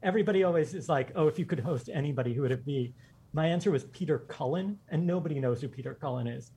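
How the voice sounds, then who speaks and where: A man with a slightly husky, somewhat high voice tells stories to his podcast hosts. He speaks with eager energy and laughs often. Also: dark tone. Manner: enthusiastic anecdotes, quick, laughing. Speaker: guest. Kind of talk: storytelling in a casual interview.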